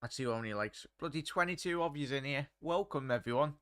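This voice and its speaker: A man's voice: medium pitch, fairly quick, a bit bright, no room sound, clean studio sound. A young man hosting a live match watchalong, commentating casually and chatting to viewers. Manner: chatty, laddish, reads chat aloud. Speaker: watchalong host.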